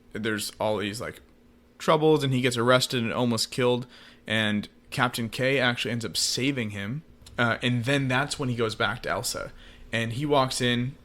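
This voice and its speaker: A man co-hosting a podcast, calmly explaining story context in a casual film discussion. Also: medium pitch. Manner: explains context and draws thoughtful comparisons, with frequent fillers. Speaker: podcast co-host.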